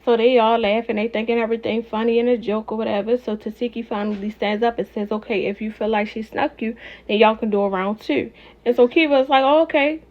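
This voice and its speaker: A woman recaps a reality show in casual talk, animated and opinionated as she speaks straight to her viewers. Her voice sits fairly high. The recording sounds dull and lo-fi. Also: quick pace.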